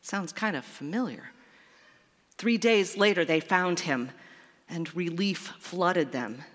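A woman pastor preaches in a lyrical, repetitive way, full of wonder. She takes her time, letting phrases land slowly. Her voice rings out with a long church reverb. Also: mid-range voice, a bit bright. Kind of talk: sermon.

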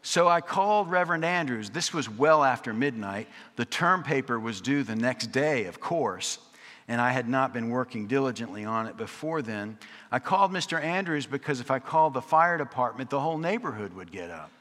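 A man delivers a storytelling sermon with a bright, clear voice. He drops in wry, chatty asides and leans on rhythmic repetition. The sound rings out with a long reverb, as in a church sanctuary. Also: medium pitch, animated, normal speed. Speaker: preacher. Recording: long reverb of a large hall.

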